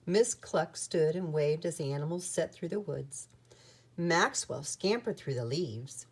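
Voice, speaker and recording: A woman reading a children's picture book aloud in an expressive, sing-song storytelling manner. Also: sits low, measured pace, slightly rough.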